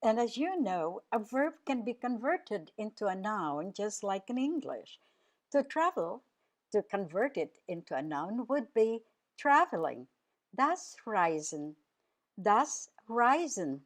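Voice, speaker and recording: A woman teaching a radio language lesson, enunciating slowly and carefully and repeating each word. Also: mid-range voice, sing-song.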